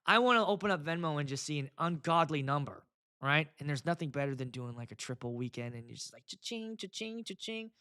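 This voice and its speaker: A man hosting a casual podcast, telling stories in an animated, profane, comic ranting way. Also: on the high side, fast talker, clear, resonant tone. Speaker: podcast host, wedding DJ.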